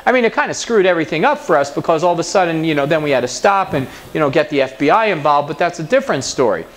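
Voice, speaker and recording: A man's voice: fairly high pitch, very fast. A man giving a conference talk, telling an anecdote and mimicking the people in it. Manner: animated storyteller, mimics other people's voices in anecdotes. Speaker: conference speaker. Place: conference hall.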